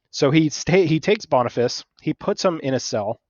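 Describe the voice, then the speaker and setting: A man's voice: on the high side, lively intonation, a little mellow, dry recording. Chatty male history teacher, dull dry sound. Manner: conversational, acts out figures in quick asides, many "right?" checks. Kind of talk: casual history lecture.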